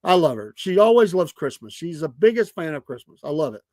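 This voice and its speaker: Brisk and animated, a middle-aged Southern podcast host laughs his way through casual stories, acting out the voices of people he quotes. His voice sits a bit high for a man, recorded dry and close with no room sound.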